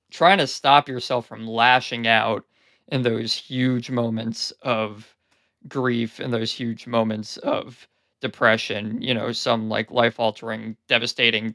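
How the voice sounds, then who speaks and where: A man's voice: medium pitch, steady tone, takes it slowly, fairly bright tone, no room sound, clean studio sound. Rambling, reflective man on a podcast. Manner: rambling and reflective, many "like" and "you know" fillers. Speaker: podcast host. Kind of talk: casual podcast conversation.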